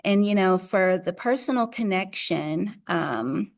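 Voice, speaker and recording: Southern woman curator, gravelly, lowish voice, easygoing panel talk over video call. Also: animated, unhurried. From Jackson, Mississippi. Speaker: museum curator. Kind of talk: panel discussion remarks. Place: seated in an art gallery.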